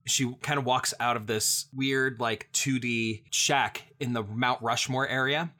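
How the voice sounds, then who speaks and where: A man's voice: medium pitch, fairly even intonation, measured pace, bright, forceful tone. A man running a tabletop game as game master, describing scenes loosely, searching for words as he goes.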